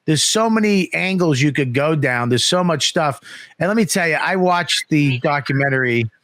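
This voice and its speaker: A middle-aged man telling animated, profane stories on a comedy podcast. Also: on the high side, moderate pace, no room sound. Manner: animated, profane, acts out voices in his story. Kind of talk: casual storytelling on a comedy podcast.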